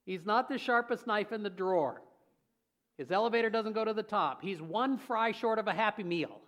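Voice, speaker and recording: A man preaching a sermon in a folksy, humorous, lively storytelling way. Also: high voice, moderate pace. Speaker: pastor.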